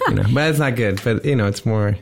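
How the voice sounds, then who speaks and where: A Canadian man with an Ottawa accent, a musician chatting as a guest in a relaxed, joking way. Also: on the low side, fast talker, vocal fry. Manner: relaxed, joking, often laughing. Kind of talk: casual interview chat.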